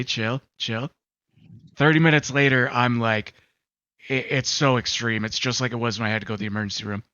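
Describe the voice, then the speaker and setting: A man's voice: mid-range voice, sharp tone, no room sound. A man co-hosting a gaming talk show, rambling casually with lots of fillers and acting out quotes. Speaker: podcast co-host. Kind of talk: casual chat and storytelling. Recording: slightly dull sound with faint music.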